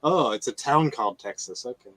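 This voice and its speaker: Brief: man, middle-pitched, easygoing, heavy on fillers. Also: expressive, a little fast, a crowd in the background, low-quality recording. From United States. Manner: laid-back, lots of "like" fillers. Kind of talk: casual chat.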